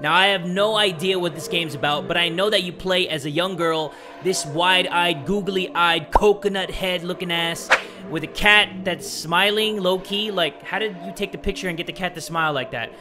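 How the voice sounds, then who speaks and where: A young man hosting a game video with loud, jokey, animated commentary. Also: sits high, moderate pace. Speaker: gaming video host. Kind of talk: energetic let's-play commentary. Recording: music playing behind.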